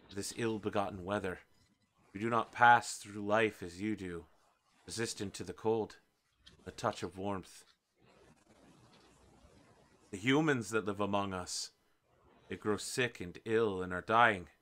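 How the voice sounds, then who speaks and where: Weary half-elf villager, earnest and pleading; a man doing the voice, low slow delivery. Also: fairly even intonation, bright, forceful tone.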